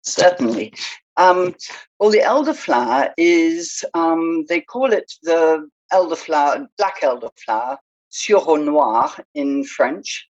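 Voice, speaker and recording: A woman guest in a studio interview, talking in an unhurried, hesitant way with many pauses and ums. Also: deep voice, lively intonation, a little mellow, muffled recording. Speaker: guest, small-business founder. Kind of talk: interview conversation.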